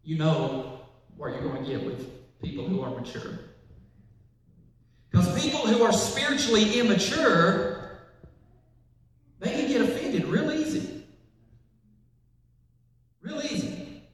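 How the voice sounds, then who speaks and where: A man preaching a sermon, moving between soft passages and emphatic, repeated lines. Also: sits high, very animated, measured pace, pauses often, slight background noise. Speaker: pastor. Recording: echoey hall from far off.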